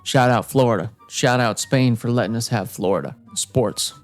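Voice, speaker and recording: A man's voice: mid-range voice, moderate pace, faint music behind. A young man playing a trivia game, reading each question aloud and reacting with exasperated, self-mocking outbursts. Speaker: gaming YouTuber. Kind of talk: casual gameplay commentary.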